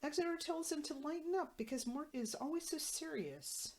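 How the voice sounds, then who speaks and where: A woman's voice: high-pitched, expressive, normal speed, darkish tone. A woman podcast host recapping a sitcom episode with wry, conversational commentary.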